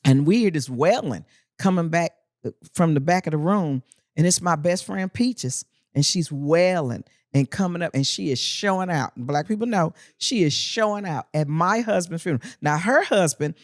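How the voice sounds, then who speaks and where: A woman's voice: on the low side, normal speed, dry recording, clean studio sound. A woman comedian, a guest on a podcast, telling punchy, earthy stories in casual chat. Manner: animated, punchy storyteller with earthy humor.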